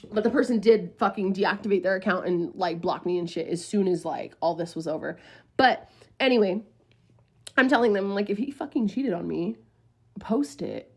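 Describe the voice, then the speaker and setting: A woman in her twenties tells a story to the camera in a casual, profane, rambling way, full of fillers. Her voice is mid-range.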